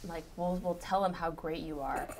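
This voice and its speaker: A woman playing a tabletop game, making a halting persuasive pitch. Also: fairly even intonation, slight background noise. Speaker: player. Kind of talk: tabletop role-play banter.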